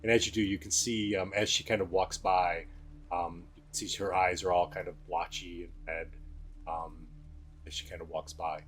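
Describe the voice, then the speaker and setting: A man's voice: low-pitched, little pitch movement, normal speed, a bit bright. A man narrating a tabletop game as game master, describing scenes in a loose, descriptive way.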